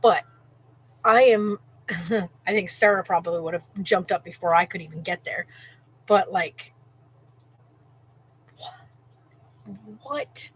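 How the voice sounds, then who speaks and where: A woman vlogger telling a story in a rambling, animated way, full of "like" and restarts, while cooking at home. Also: fairly low pitch, moderate pace, pauses often, slight background noise, poor audio. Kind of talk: casual storytelling.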